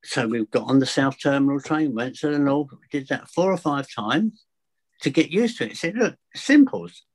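A man's voice: medium pitch, expressive, moderate pace. Chatty man telling anecdotes. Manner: chatty anecdotes with acted dialogue. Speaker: fear of flying coach. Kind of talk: casual storytelling interview.

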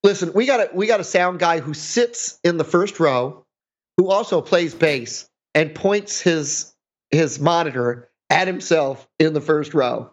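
A man's voice: fairly high pitch, measured pace. Podcast co-host, middle-aged man, sarcastic rambler, muffled lo-fi sound. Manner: rambling, self-mocking, sarcastic. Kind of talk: casual chat. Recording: dull lo-fi sound.

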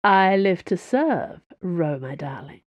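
A woman's voice: lowish voice, big pitch swings, slow pace, no echo. A woman voicing a vain, mocking nobleman with a posh accent in an audiobook. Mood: fawning. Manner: mocking, dramatic.

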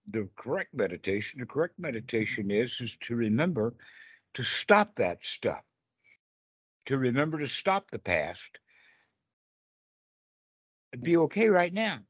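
A man's voice: mid-range voice, big pitch swings, a little slow, pauses often, breathy edge, no echo, studio quality. A man teaching meditation on a call, earnest and repetitive, often acting out inner dialogue. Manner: earnest, repeats phrases, acts out inner dialogue. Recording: call audio.

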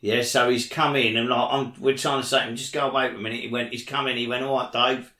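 A man's voice: medium pitch, little pitch movement, quick pace, bright, forceful tone. Man chiming in, echoey room. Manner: chimes in with agreement and his own anecdote. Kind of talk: casual chat.

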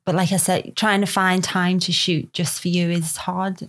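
Soft-spoken woman with a Scouse accent. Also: fairly low pitch, flat delivery, moderate pace. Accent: Liverpool (Scouse). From Liverpool, England. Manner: soft-spoken, brief, hesitant answers. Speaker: podcast guest. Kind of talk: casual interview chat.

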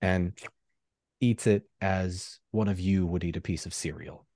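A man running a tabletop game as game master with measured, descriptive narration. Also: low voice, steady tone, vocal fry, warm tone, no echo, studio quality.

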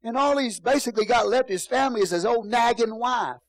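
Man preaching, pastor, high-pitched voice, dry close sound, exclaims hallelujah. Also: fairly quick, no room sound, poor audio. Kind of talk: sermon. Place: church.

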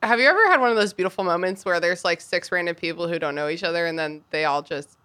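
A woman's voice: fairly low pitch, fast talker, pushed and bright. A woman hosting a podcast in casual chat, chatty and laughing often. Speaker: podcast host.

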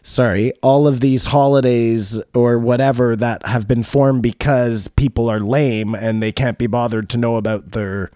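A man's voice: medium pitch, steady tone, normal speed, few pauses, warm tone, dry recording, studio quality. A man in his thirties co-hosting a podcast, talking casually and rambling through his points with restarts. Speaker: podcast co-host. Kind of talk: casual chat.

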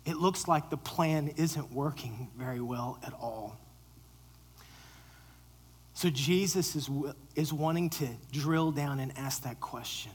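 A man preaching a sermon to a live audience, animated, joking with the crowd and dropping to a whisper for quoted lines. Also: mid-range voice, slightly rough, low-quality recording. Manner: jokes with the audience. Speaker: pastor.

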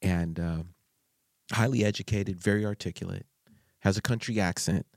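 Guy hosting a podcast, low gravelly voice, rambles and laughs a lot. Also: moderate pace, a little mellow, no room sound, studio quality. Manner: rambling storyteller, laughs often, many fillers. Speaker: podcast host. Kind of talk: casual conversational interview.

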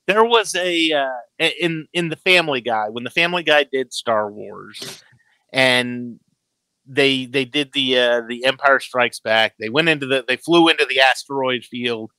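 A man in his thirties hosts a casual chat about a show. His voice is bright and forceful, the sound dry and close, and he tumbles into restarts while acting out what characters say. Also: medium pitch, a little slow, no room sound, poor audio. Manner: animated, stammers, acts out quotes. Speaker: podcast host.

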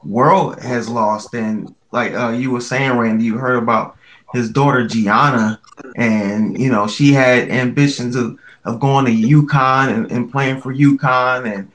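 A man's voice: medium pitch, steady tone, unhurried, a bit bright, poor audio. A man hosting a casual podcast chat, hesitant and full of fillers. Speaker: podcast host. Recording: faint background noise.

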